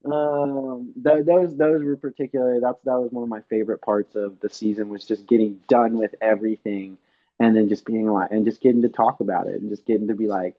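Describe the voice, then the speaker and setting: Animated young man telling race stories. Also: fairly low pitch, fast, lo-fi sound. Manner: animated storyteller, acts out quotes loudly. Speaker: pro bike racer guest. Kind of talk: casual interview chat.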